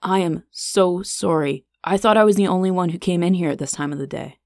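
A woman's voice: lowish voice, brisk, darkish tone, no echo, studio quality, close to an everyday voice. A woman reading the lines of a polite, slightly awkward young man who is earnest and apologetic. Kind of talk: audiobook character reading.

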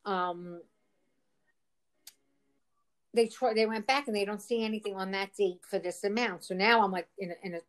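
A woman in casual chat tells a long, rambling story with exasperation. She keeps quoting back and forth what each person said. Her voice sits at a middle pitch. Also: brisk. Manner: exasperated, rambling retelling with quoted dialogue.

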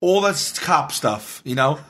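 A man co-hosting a podcast, telling a long story in a casual, animated way and acting out the dialogue. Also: on the high side, unhurried, a little hiss or hum. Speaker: podcast co-host.

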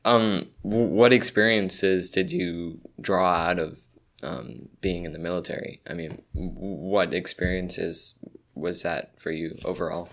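A man with a deep, gravelly voice who hosts the interview. He asks his questions slowly and with pauses. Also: fairly even intonation, a bit bright. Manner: slow, halting questions. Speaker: host.

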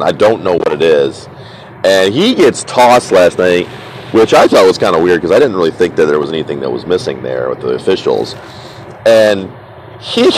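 A man with a very deep voice hosts a casual sports talk show. He is opinionated and chatty, tripping over repeated words and teasing with frequent laughs. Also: slight background noise, low-quality recording.

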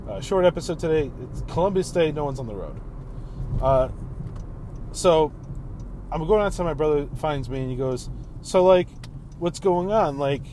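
Mellow-voiced thirtysomething man rambling in a car. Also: on the high side, expressive, normal speed, long pauses, slight background noise, rough recording. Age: 30s. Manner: rambling, laid-back, swears freely. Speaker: podcast host. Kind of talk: casual solo chat. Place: in a car while driving home.

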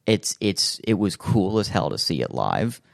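A man's voice: low-pitched, very animated, measured pace, gravelly, no room sound, studio quality. A man in a casual chat, telling stories in a rambling way with many fillers and restarts, acting out what people said. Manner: acts out quoted voices in his stories.

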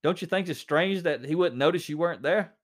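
A man voicing a firm, questioning male highway patrolman in a read-aloud story. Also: a little fast, close to an everyday voice.

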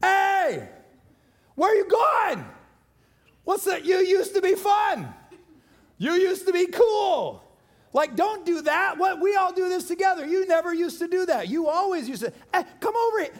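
A man voicing a mocking worldly friend who shouts high taunts at someone leaving the crowd. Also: sing-song, unhurried, heavily acted. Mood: jeering.

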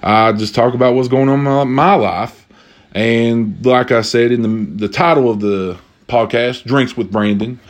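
A man's voice: mid-range voice, measured pace. A young man talks alone into the mic for his podcast, loose and slangy, circling back on his own phrases. He rambles easily from one thought to the next with a drink close by. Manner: drinking while talking. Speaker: podcast host. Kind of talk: casual solo podcast chat.

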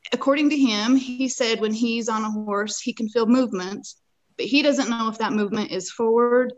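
A woman's voice: fairly high pitch, normal speed, highs cut off. A woman guest on a podcast, recounting a personal experience in earnest, vivid detail. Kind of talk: personal storytelling in a conversation.

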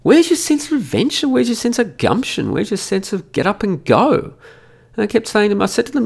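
A man's voice: high-pitched, sing-song, a little fast, creaky, slightly rough. A middle-aged Australian man hosting a solo podcast, ranting profanely in a mocking, emphatic way into a studio microphone. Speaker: podcast host.

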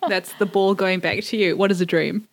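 A woman's voice: mid-range voice, steady tone, brisk. A woman co-hosting a casual chat podcast, chatty and giggly with many fillers. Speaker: podcast co-host.

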